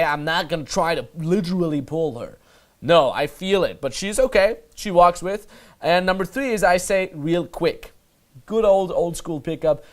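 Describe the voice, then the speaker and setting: Energetic dating coach breaking down footage. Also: male voice, fairly high pitch. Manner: casual, emphatic, swears freely. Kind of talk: voice-over commentary breaking down footage.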